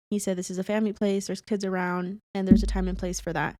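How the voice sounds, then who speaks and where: A woman's voice: medium pitch, level tone, moderate pace, hardly any pauses, darkish tone, no echo. A young woman co-hosting a podcast, telling a personal story in casual chat, full of fillers and close to tears at times. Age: young adult. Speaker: podcast co-host.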